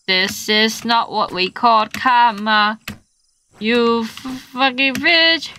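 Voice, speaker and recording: Young woman gamer on stream, high bright voice, cursing and yelling at the game, slow drawn-out talk, bit of background hiss. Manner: swearing, frustrated outbursts and playful yelps. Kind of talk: live gameplay stream chatter.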